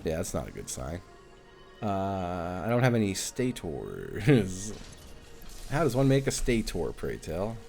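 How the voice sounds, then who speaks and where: Casual young male game streamer, low voice that swings up and down a lot, swears freely, faint game music underneath. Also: wildly swooping pitch, slow, creaky, a little mellow. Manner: chatty, swears, thinks aloud, thanks viewers. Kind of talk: casual live-stream chat while playing.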